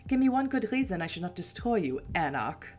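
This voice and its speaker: A woman voicing a stern elder male vampire prince, reading his lines in a formal, measured way. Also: fairly low pitch, very animated, a little mellow, soft background music.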